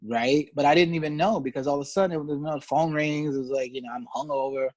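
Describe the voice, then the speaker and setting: A man's voice: on the high side, quick pace, no echo. A man, a guest musician, telling stories in a casual interview, laughing and acting out the voices of people he quotes. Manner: animated, laughing storyteller who acts out quoted voices. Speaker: guest musician, pedal steel player.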